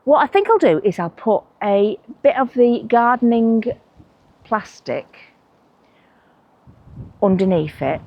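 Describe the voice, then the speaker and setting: A woman vlogs from her outdoor allotment garden, chatting casually to camera as she works and throwing in playful, conspiratorial asides. Her fairly high voice swings widely in pitch, she speaks slowly with long pauses, and the sound is lo-fi.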